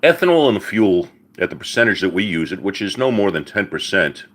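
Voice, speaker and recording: A middle-aged man with a very low but bright, forceful voice explains engine trouble to his viewers. He talks in a folksy, unscripted live-stream way and peppers his talk with "all right" and "uh." He calls the audience folks and buddy. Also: very animated, a little fast. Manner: explains mechanics plainly. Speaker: host answering viewers' car questions.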